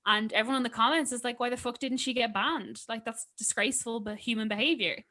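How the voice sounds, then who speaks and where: A woman's voice: on the high side, fast, pushed and bright. A young Irish woman co-hosting a podcast, telling stories in a chatty way, full of fillers. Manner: chatty storyteller, filler-heavy. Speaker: podcast co-host. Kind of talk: casual chat.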